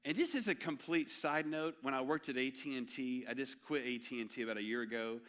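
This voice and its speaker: A man, preaching an animated, joking sermon in a church. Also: mid-range voice, brisk. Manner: storytelling, animated and jokey. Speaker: pastor. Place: church sanctuary.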